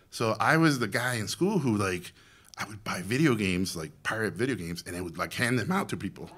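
A man in his forties with a Mexican accent, telling lively stories from his life to a room of students and acting out the voices of people he quotes. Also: fairly low pitch, brisk, breathy edge. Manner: animated storyteller, acts out quoted voices. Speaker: guest speaker, animation director. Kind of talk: storytelling talk to students.

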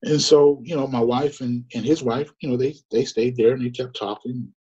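Earnest man telling his story, husky. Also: medium pitch, fairly even intonation, normal speed, warm tone. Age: middle-aged. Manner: earnest, conversational, many fillers and restarts. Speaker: guest storyteller. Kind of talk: personal testimony. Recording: muffled lo-fi recording.

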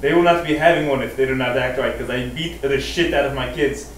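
A man voicing a blunt, threatening foreign-accented man with a deliberately bad accent. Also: medium pitch, natural voice. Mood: blustering. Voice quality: exaggerated fake accent. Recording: distant roomy mic with faint noise.

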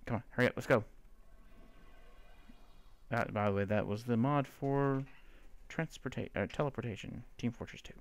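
A young man giving excitable, cursing gameplay commentary and talking to himself as he plays. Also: medium pitch, moderate pace, pauses often, slight background noise. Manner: excitable, swearing, talks to himself and the mobs. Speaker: let's player.

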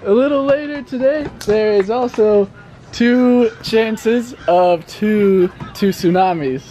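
A man's voice: sits high, slow, warm tone, slight background noise. A young man putting on a goofy, hammy TV weatherman voice with a mock-serious announcer delivery.

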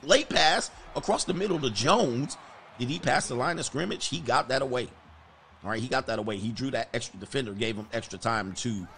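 A man giving excited play-by-play commentary of his own football video game, casual and slangy, bursting into loud exclamations at big plays. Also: mid-range voice, slight background noise.

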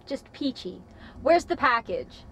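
A woman plays a cold, smug crime boss who gives her orders with sly, sing-song mockery. Her voice is high and swoops widely, with faint background hiss. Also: big pitch swings, measured pace.

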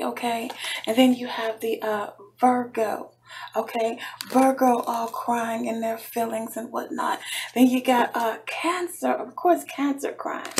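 Woman, tarot reader, high pitch, animated and teasing, noisy background. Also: vocal fry. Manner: animated, teasing, calls the listener baby. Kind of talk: tarot love reading.

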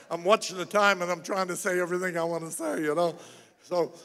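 A man with a high voice preaches in a church, his words ringing with a long reverb through the hall. He tells Bible stories and acts out the speakers' lines. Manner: animated storytelling, acts out quoted voices. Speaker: pastor. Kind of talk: sermon. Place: church sanctuary.

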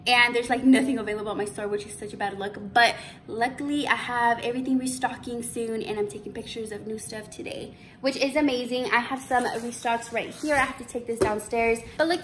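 A woman's voice: fairly high pitch, recorded from a distance, a little hiss or hum. Chatty young woman vlogging in an echoey room. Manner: chatty, animated storytelling with fillers. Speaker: boutique owner vlogger. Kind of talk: casual vlog chat. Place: her boutique store, indoors.

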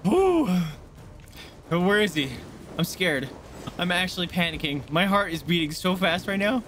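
A young man streaming a game live, swearing and panicking in excitable outbursts. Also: high voice, moderate pace, slight background noise. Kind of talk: live gameplay commentary.

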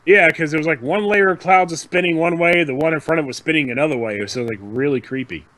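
A man's voice: fairly high pitch, quick pace, dry recording. A man co-hosting a casual fan podcast, joking around and laughing often. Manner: animated, laughs often, jokey. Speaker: podcast co-host. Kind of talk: casual chat.

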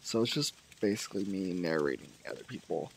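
A man's voice: sits low, animated, a little fast, vocal fry, husky, low-quality recording. A man casually narrating his own video game play, musing aloud with fillers and trailing off.

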